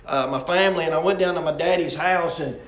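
A man's voice: on the high side, quick pace, a bit bright, roomy sound. A middle-aged man, preaching a sermon with a repetitive, emphatic cadence and personal stories.

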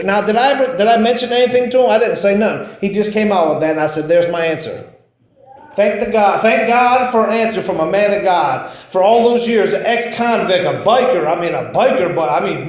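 Male preacher, higher voice, folksy storytelling sermon, heavy room echo. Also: brisk. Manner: conversational, storytelling, repeats himself. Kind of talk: informal sermon. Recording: very echoey room.

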